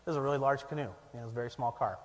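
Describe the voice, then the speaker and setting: A man preaching, telling a self-deprecating story with lively energy and frequent laughter. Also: mid-range voice, racing, big-room sound, a little hiss or hum. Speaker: pastor. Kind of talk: storytelling sermon. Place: church.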